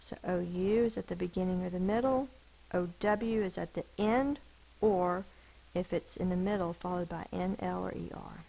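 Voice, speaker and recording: A woman teacher giving a phonics spelling lesson, sounding out words slowly and deliberately over a screen recording. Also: fairly low pitch, fairly even intonation, gravelly, dark tone, rough recording.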